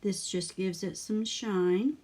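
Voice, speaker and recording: Slow-talking older woman crafting on a livestream. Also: mid-range voice, a little mellow. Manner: chatty, greets viewers by name while crafting. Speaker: scrapbooking channel host. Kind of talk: casual crafting livestream chat.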